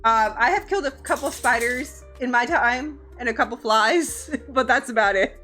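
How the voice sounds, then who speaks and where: A woman's voice: a little high, moderate pace, bright, forceful tone, soft background music. A young woman streaming from home, chatting casually with her viewers, giggling often and swearing freely. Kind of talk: casual live-stream chat.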